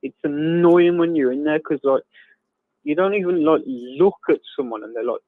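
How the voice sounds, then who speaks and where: A man's voice: fairly high pitch, moderate pace, no echo. A man, chatting casually and jokily on a live show, rambling with lots of fillers. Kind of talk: casual chat. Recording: tinny phone-like call line.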